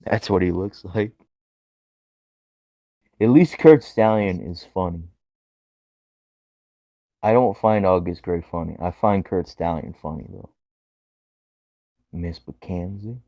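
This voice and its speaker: A man co-hosting a casual podcast chat, laughing often and swearing in animated bursts. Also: deep voice, a little slow, long pauses, dry recording, lo-fi sound. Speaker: podcast co-host.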